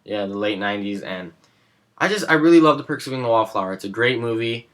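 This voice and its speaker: Bright-voiced young man gushing casually. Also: fairly low pitch, lively intonation, fast. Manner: enthusiastic and rambling, gushing about favorites. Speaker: movie vlogger. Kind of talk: casual chat.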